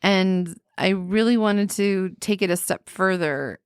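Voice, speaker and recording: Female podcast co-host, lively storyteller, dry close sound. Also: mid-range voice, a little slow, clean tone, no echo. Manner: animated storyteller, acts out quoted voices. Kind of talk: casual chat.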